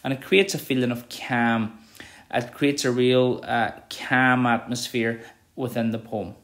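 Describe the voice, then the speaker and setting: A man teaching a revision lesson to students at home. His voice sits at an ordinary middle pitch, and he explains step by step, checking in with "okay" as he goes. He slows right down whenever he reads an example line aloud. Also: fairly even intonation, a bit bright. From Ireland.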